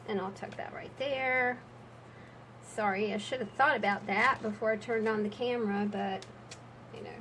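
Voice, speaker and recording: A woman's voice: fairly high pitch, low-quality recording. A chatty woman walks viewers through her handmade journals. She talks casually, drifts into rambling asides and fills the gaps with ums. There is a faint hiss behind her voice. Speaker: junk journal crafter. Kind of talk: casual crafting vlog.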